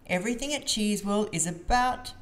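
A woman's voice: mid-range voice, expressive, normal speed, close to an everyday voice. A woman reading a storybook aloud, voicing a cheerful female rabbit who guides the children around like a tour guide. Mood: welcoming. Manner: announcing, bright tour-guide tone.

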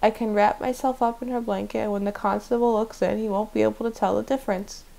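Figure: eager young girl , read by a woman. Texture: gravelly. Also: medium pitch, fairly even intonation, fast talker, warm tone, lightly acted. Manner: breathless and eager.

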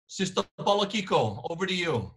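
Male host on a video call, bright tone, brisk handoffs between guests. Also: high voice, very animated. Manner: calls on each guest in turn.

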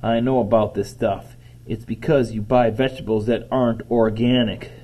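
A cocky young boy lecturing his family like an expert, voiced by a man reading a storybook. He sounds matter-of-fact and preachy, in a soft, low, husky tone. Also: fairly even intonation, moderate pace, natural voice. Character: cocksure know-it-all young boy. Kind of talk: children's book read-aloud.

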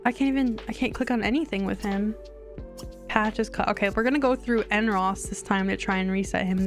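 Chatty young woman streaming a game. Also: medium pitch. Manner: chatty, rambling, easily excited. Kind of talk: casual gameplay commentary.

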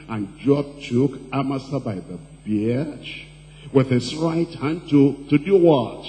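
A man preaching a sermon as pastor, asking the congregation questions and reading scripture slowly and deliberately. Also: medium pitch, mellow. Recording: distant-sounding hall recording with faint hum.

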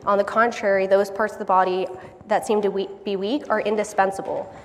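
A woman giving a sermon in a church hall, earnest and quick to laugh at herself. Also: mid-range voice, little pitch movement, slight background noise. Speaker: lay speaker giving a church message. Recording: long hall reverb, faint background ambience.

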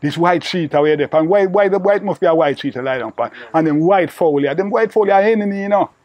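A man's voice: high voice, quick pace, muffled recording. An older man with a Jamaican patois accent, telling a long, rambling story to an interviewer and filling it with "you know". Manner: repetitive, peppered with "you know". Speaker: interviewee recalling old friend.

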